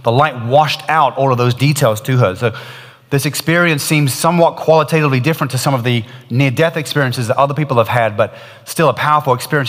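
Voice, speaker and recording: Guy preaching a sermon, earnest and emphatic, average pitch, long echo like a big hall. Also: fairly bright tone. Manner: earnest, emphatic, rises and drops in intensity. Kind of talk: sermon storytelling.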